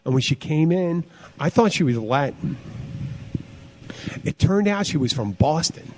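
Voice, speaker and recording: A man's voice: fairly high pitch, expressive, measured pace, darkish tone, slight background noise. A man co-hosting a casual podcast chat, rambling and trailing off with fillers. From United States. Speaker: podcast co-host.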